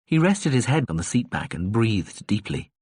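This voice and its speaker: A man narrating an audiobook in a calm storytelling manner. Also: lowish voice, normal speed, slightly rough, no room sound, studio quality. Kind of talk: scripted narration.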